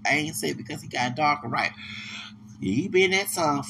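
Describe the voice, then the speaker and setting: A podcast host with a gravelly, creaky, mid-range voice tells stories at a normal speed in a casual monologue, rambling and emphatic and often restarting mid-phrase. Steady background noise runs underneath.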